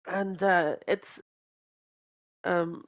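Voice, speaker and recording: A woman's voice: on the low side, steady tone, very slow. A woman co-hosting a podcast in casual fan chat, rambling with many fillers and restarts and laughing often. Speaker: podcast co-host.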